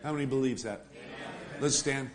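An emphatic male preacher delivering a sermon in a church at a middle pitch. He presses his points hard and keeps asking the congregation for an amen. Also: normal speed, a crowd in the background. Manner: emphatic, calls for amens.

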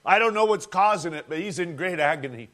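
A man's voice: a little high, expressive, a little fast, pushed and bright. A man preaching a sermon, telling a story dramatically and calling the congregation friends.

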